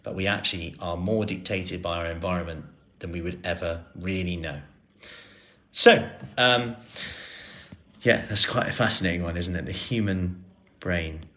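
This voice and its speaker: A personal trainer in his thirties works through viewer questions on a live stream, relaxed and full of fillers and restarts. His voice sits low and he talks at a normal speed.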